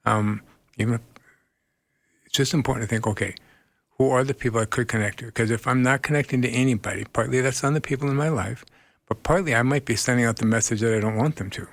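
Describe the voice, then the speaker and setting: A man speaking as a guest therapist in a radio interview, earnest and animated, laughing often as he tells stories. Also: mid-range voice, quick pace, no room sound.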